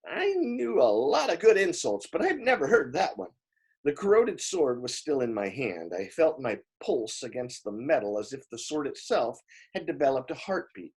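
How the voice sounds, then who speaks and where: A man reading a novel aloud in expressive first-person narration, with small slips along the way. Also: on the high side, moderate pace, breathy edge. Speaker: audiobook reader.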